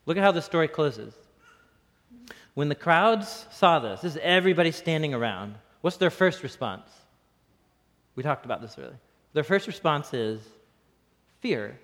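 A man preaching a casual, animated sermon, often breaking into laughter. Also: fairly high pitch. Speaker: pastor. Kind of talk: conversational sermon. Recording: long reverb in a hall.

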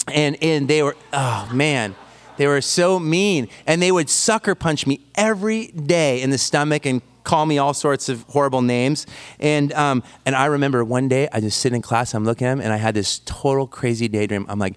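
A man's voice: mid-range voice, moderate pace, clean tone. A man preaching a sermon, telling stories with self-deprecating humor. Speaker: pastor.

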